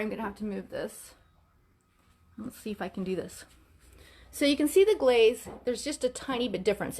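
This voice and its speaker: A woman's voice: fairly high pitch, a little mellow. Chatty woman demonstrating furniture painting. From Florida, US. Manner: chatty, apologetic, talks to viewers while working. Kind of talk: casual live demonstration.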